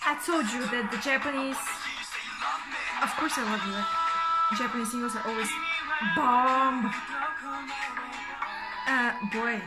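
Gushing young woman over loud music. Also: fairly high pitch, fairly even intonation, measured pace, long pauses. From Bulgaria. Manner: gushing, swooning exclamations. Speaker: reaction video host. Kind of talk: excited reaction commentary. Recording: loud music playing behind voice. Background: loud pop music.

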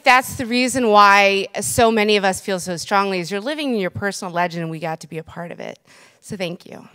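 Young woman, casual slang, emotional church tribute, mid pitch. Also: expressive, brisk, a bit bright. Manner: chatty and emotional, with slang and asides. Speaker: congregation member giving a tribute. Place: church sanctuary.

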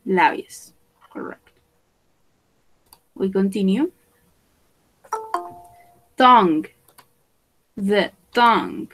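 A woman teaching English vocabulary, repeating each word slowly for pronunciation and switching into to explain. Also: mid-range voice, animated, low-quality recording. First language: Spanish. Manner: slow, repeats words for pronunciation. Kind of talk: bilingual vocabulary lesson.

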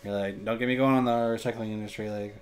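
Low-voiced man asking halting questions. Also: fairly even intonation, crowd noise. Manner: hesitant, filler-heavy questions. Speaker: host. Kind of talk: casual podcast chat.

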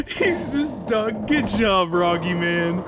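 Host gamer, male, high and bouncy voice, excitable and shouty, noisy game sounds behind. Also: very slow. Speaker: gaming channel host. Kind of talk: casual gaming chat.

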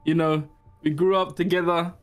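A man giving a joking eulogy in a deadpan, mock-emotional way. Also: on the high side, normal speed. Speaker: eulogy speaker.

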